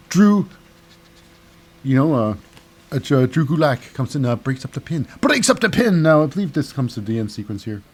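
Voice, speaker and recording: A man's voice: medium pitch, a little mellow. A man hosting a casual wrestling recap, rambling with lots of fillers and mixing up names. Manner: rambling, many fillers and name mix-ups. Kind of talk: casual solo show recap.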